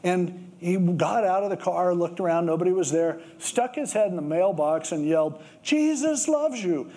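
A man, preaching a sermon and telling stories in a relaxed, conversational way. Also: sits high, moderate pace. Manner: conversational storytelling, with lively acted quotes. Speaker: pastor.

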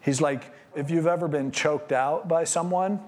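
A man pastor preaching a conversational sermon on scripture, animated and acting out what people might say. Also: fairly high pitch, normal speed.

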